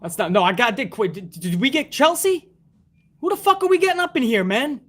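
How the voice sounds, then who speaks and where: A man with a fairly high voice rants through a wrestling recap in casual live-stream style. He swears constantly and leans on sarcasm as he works through the show. He stops now and then to thank viewers for tips. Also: animated, fairly quick, fairly bright tone. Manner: profane, ranting, sarcastic.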